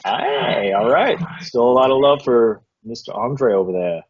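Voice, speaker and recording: A man's voice: mid-range voice, measured pace, slight background noise. A man casually co-hosting a fantasy football recap, laid-back and rambling, laughing often. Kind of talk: casual chat. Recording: dull lo-fi recording.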